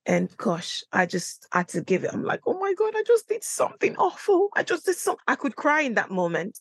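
A young adult woman hosting a solo podcast, chatting and telling a personal story in a lively way. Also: medium pitch, no room sound. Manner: chatty storytelling, animated when quoting herself. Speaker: podcast host. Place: small room, recording alone.

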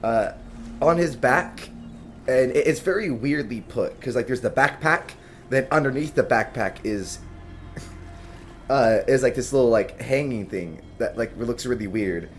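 A man playing a tabletop game, describing his character in a rambling way full of likes and ums. His voice sits at a middle pitch, with faint music in the background. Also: a little slow. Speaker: player.

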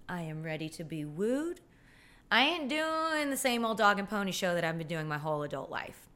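A woman's voice: medium pitch, pushed and bright. A woman, hosting a podcast and telling funny stories in a sassy, self-deprecating way. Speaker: podcast host. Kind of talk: casual comedic storytelling monologue.

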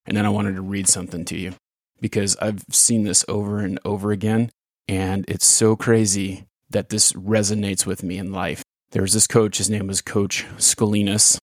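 A man's voice: sits low, no echo, studio quality. A man who used to coach baseball, hosting a short podcast episode and reflecting in a plain, conversational way. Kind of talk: casual spoken podcast with read-aloud story.

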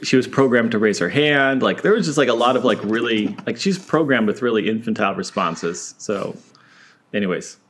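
A man's voice: lowish voice, lively intonation, fairly quick, fairly bright tone, a little hiss or hum. A man co-hosting a casual podcast, teasing the others and restarting his sentences with chuckles. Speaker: podcast co-host. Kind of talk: casual chat.

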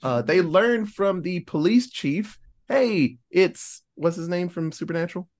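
A man's voice: sits high, measured pace. A man casually recapping a movie plot on a podcast, acting out the characters' lines as he goes. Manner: animated storyteller, acts out characters' lines. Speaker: podcast host.

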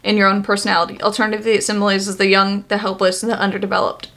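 A woman's voice: medium pitch, monotone, rapid-fire, a bit bright. Woman reading out dream meanings. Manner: reads dream-dictionary entries aloud, stumbling over words. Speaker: podcast co-host. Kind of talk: casual chat, reading definitions aloud.

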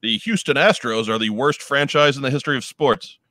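A man's voice: medium pitch, a little fast, pushed and bright, no room sound. A man hosting a casual chat show, running through news items in a laid-back, wry way. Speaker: podcast host.

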